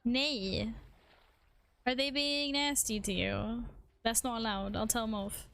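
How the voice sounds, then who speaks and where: A woman's voice: a little high, gravelly, a bit bright. A woman streaming a game, chatting casually with her viewers and her cat and humming little tunes in between. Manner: talks to chat and her cat, quick self-deprecating asides. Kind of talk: casual live-stream chat while gaming.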